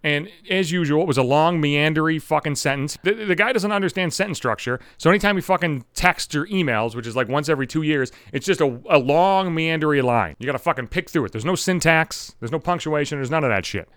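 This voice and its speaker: A man's voice: a little high, animated, fairly quick, few pauses, fairly bright tone, clear, resonant tone, no room sound, clean studio sound. A young adult man hosting a solo podcast, ranting angrily with heavy profanity. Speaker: podcast host.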